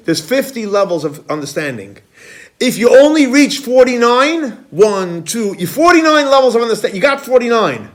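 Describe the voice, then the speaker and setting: A man teaching a Kabbalah class as a rabbi, animated, quizzing students and repeating key points. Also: very high voice, normal speed. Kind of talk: classroom lecture.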